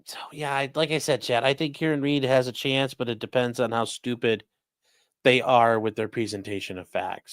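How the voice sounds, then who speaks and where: Reading super chats on a relaxed livestream, this host from the Midwestern United States speaks with a Great Lakes American accent and rambles through viewer comments. He has a mid-range, steady voice at a moderate pace. The audio is dry and studio-clean.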